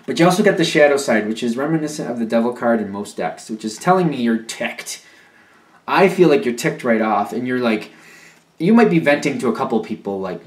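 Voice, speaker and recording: A man's voice: mid-range voice, expressive, brisk. Man giving a casual tarot reading. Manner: conversational, repetitive, acts out imagined voices of the listener. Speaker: tarot reader. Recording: echoey room.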